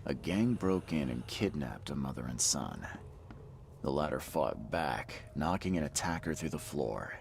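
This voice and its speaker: A man voicing a weary, gruff 1920s private investigator in a video game, with terse, dry remarks. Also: sing-song, a little slow, slight background noise, heavily acted. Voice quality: deep, gravelly. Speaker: game protagonist.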